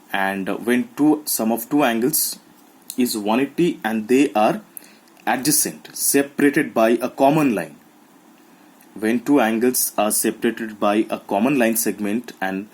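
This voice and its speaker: A man explaining geometry to schoolchildren, recording on a phone held in one hand, often repeating himself and pausing with fillers. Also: on the low side, a little mellow, husky, rough recording. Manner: repeats phrases, halting with fillers. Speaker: math teacher. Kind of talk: classroom explanation to children.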